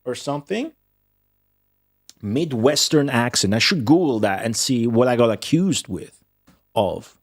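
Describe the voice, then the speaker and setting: Italian-accented male streamer, rambling, swearing, mid-pitched, dry close sound. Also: lively intonation, a little slow, long pauses, no room sound. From Italy. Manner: rambling, profane, chatty with chat readers. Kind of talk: casual live-stream chat while gaming.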